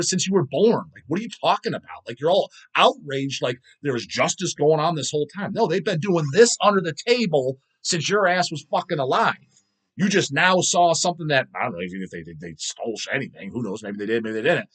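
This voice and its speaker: A man of about forty from the United States hosts a casual livestream chat, ranting and swearing constantly. His voice is fairly high, expressive and brisk.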